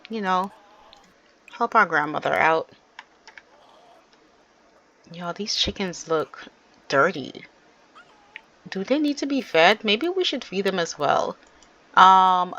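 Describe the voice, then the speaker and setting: Speaking at a measured pace with long pauses and big pitch swings, this woman has a medium-pitched, sharp-toned voice on dull audio. As a gaming channel host, she chats casually through her gameplay and addresses her viewers directly.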